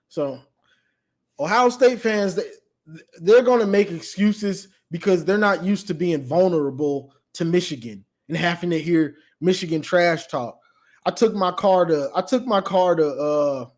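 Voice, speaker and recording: High-voiced guy hosting a sports call-in, loose and stammery, laughs a lot telling stories. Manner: animated storytelling, acting out both sides of a trash-talk exchange with laughter; frequent stammered restarts. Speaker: host of a live call-in sports show. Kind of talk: casual sports talk.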